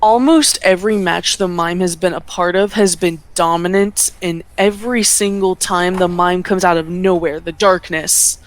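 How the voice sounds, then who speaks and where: A woman's voice: fairly low pitch, fairly even intonation. Earnest woman wrestler in an interview. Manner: earnest, measured, slows down to stress points. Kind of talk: casual sit-down interview.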